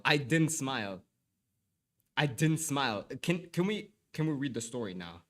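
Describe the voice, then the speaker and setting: A man's voice: medium pitch, very animated, a little slow, a bit bright. A young man livestreaming and chatting with viewers, often apologizing, stammering and repeating himself, a little stuffy from allergies. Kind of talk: casual live stream chat and reading aloud.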